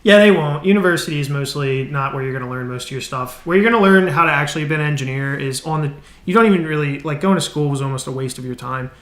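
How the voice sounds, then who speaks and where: A man's voice: fairly high pitch, quick pace, a bit bright, echoey room. A man live-streaming his coding, ranting in a casual, exasperated way, swearing and restarting his sentences.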